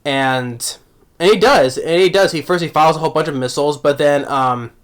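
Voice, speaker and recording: A man giving a casual, rambling anime review, full of restarts, his voice jumping up when excited and trailing off low at the ends of thoughts. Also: fairly quick.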